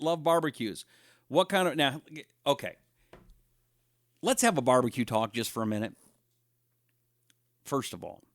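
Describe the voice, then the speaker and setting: A man's voice: medium pitch, no echo, studio quality. A middle-aged man hosting a casual live-stream talk show, rambling, joking and reading out viewer comments. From Washington State, USA.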